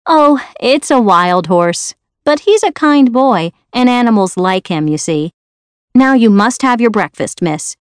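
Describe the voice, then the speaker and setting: A woman's voice: on the high side, lively intonation, unhurried, clean tone, dry recording, pitched above the performer's own voice. A woman voicing a kind, talkative young female maid from Yorkshire with a Yorkshire accent, in a storybook reading. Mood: chatty.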